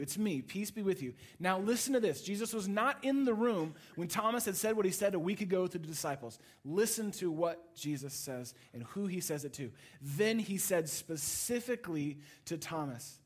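A man preaching a sermon, moving between animated passages and hushed, intimate ones. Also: sits high. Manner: dynamic preaching, swings from loud to hushed. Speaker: pastor.

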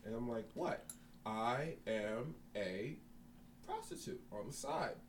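An animated man spins a crude, profane story for friends, his pitch leaping around as he acts out what people said. He sounds a little off-mic, with faint noise behind him. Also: takes it slowly, recorded from a distance. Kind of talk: casual storytelling among friends.

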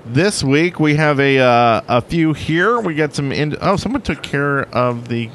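An easygoing man hosts a podcast in casual chat, pausing and restarting as he reads out messages. His voice sits a little high and moves with lively pitch, with a faint hiss of noise behind it. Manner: easygoing, halting, with many fillers and restarts. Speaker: podcast host.

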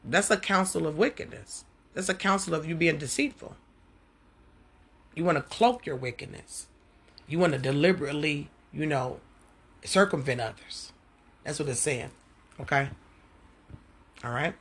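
Brief: woman, husky voice, relaxed home Bible-study podcast, lively and chatty delivery. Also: sits low, moderate pace, long pauses. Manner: animated, conversational, talks to listeners directly. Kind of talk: casual devotional teaching.

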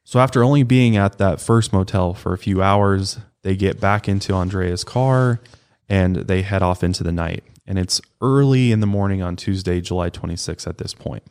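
A man with a notably deep, low voice talks through a true crime story in a relaxed, casual podcast manner. He tells it conversationally and keeps the flow going like he is chatting with a friend. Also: normal speed, clean tone. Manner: casual, conversational retelling with acted quotes. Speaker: podcast co-host.

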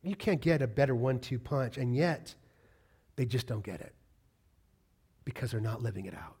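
A man preaching a sermon, animated and full of rhetorical questions, swinging between loud emphatic lines and quiet, low asides. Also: moderate pace, slightly rough. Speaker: pastor.

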